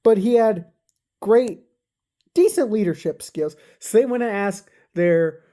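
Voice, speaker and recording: A woman's voice: mid-range voice, unhurried, mellow. A woman telling a silly made-up story off the cuff, rambling and correcting herself as she goes. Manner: rambling, with restarts and fillers. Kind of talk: rambling improvised comic storytelling.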